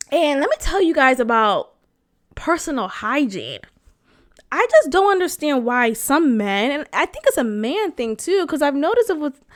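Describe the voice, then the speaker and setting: A woman podcast host telling a personal dating story to her listeners, blunt and animated, swearing freely and laughing as she talks. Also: on the high side.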